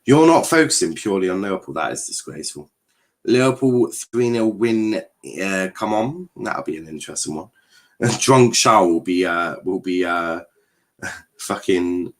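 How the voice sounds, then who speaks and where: Young man, low-pitched, sweary, chatty watchalong streamer reading chat. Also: animated, moderate pace. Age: young adult. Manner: sweary, jokey, reads chat aloud. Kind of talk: casual live football commentary.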